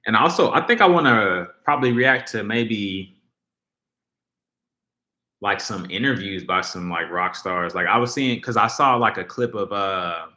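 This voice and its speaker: A man's voice: on the low side, a little slow, bright, forceful tone, roomy sound. A man hosting a casual livestream, rambling and reading viewers' comments aloud as he talks. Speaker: livestream host.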